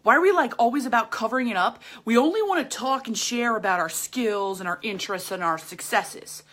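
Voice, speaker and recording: A woman's voice: on the high side, animated, fairly quick, fairly bright tone. A woman hosting her own podcast, giving a chatty, emphatic motivational monologue full of slang, talking straight to the camera. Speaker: podcast host. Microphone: camera, speaking to viewers.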